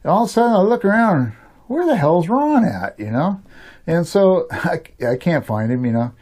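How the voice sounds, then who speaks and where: An older man telling a long personal story in a loose, rambling way, chuckling often and filling pauses with "you know.". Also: a little high, very animated, a little mellow. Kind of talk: casual spoken storytelling.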